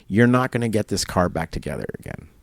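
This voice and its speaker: A man's voice: fairly low pitch, big pitch swings, fast, vocal fry, no room sound. A man telling a long story in casual conversation, acting out both sides of phone calls with quoted dialogue and laughter. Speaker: interview guest. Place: barber shop.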